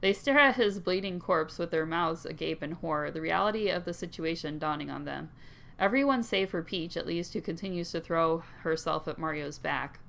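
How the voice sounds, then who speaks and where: A woman's voice: on the low side, normal speed, creaky, a bit bright, slight background noise. A woman reading a visual novel aloud, moving between the story's narration and her own playful, giggly remarks, and saying herself that she can't do accents. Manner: playful, giggly, does voices half-heartedly. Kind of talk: reading game dialogue and narration aloud with commentary.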